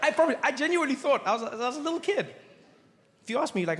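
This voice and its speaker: A man doing stand-up comedy, telling animated stories and jumping into character voices. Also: very high voice, racing, in a large hall, a little hiss or hum.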